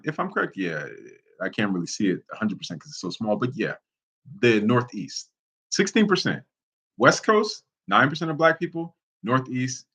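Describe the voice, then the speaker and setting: A man's voice: fairly low pitch, fairly bright tone, breathy edge. A man talks straight to his viewers. His delivery is loose and conversational, and he keeps checking in with "right?" and correcting himself as he goes. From Ohio, United States. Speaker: channel host. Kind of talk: casual explainer talking to camera.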